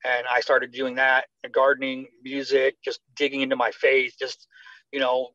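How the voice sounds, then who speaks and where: A man's voice: mid-range voice, moderate pace, no echo. An American man, a retired army medic, telling his story in a conversational interview and acting out the dialogue he recalls. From United States. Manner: animated, acts out quoted dialogue. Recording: slightly dull dry sound.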